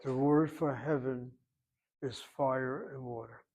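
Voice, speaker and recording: A man teaching a Hebrew grammar class, explaining slowly and repeating words for the students to hear. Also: mid-range voice, fairly even intonation, a little mellow, slightly rough, rough recording.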